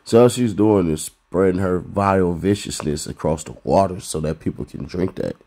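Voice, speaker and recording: A man's voice: low-pitched, normal speed, warm tone. A man hosting a commentary rant, blunt and profane, lecturing viewers with rhetorical questions. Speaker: commentary host.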